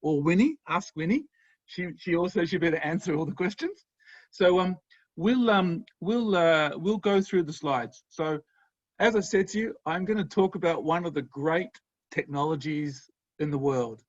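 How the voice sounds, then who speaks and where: A man's voice: fairly high pitch, lively intonation, normal speed, no room sound. A man with an Australian accent giving an enthusiastic, friendly online university lecture, chuckling now and then. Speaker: guest lecturer. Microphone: video call. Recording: dry, slightly dull sound.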